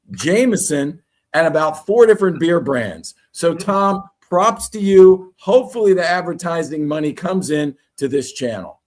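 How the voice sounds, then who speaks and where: A man on a fan watchalong, going through his takeaways from the match in a relaxed, joking way. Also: fairly high pitch. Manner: jokey, relaxed storytelling. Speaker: watchalong co-presenter. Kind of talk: casual podcast banter.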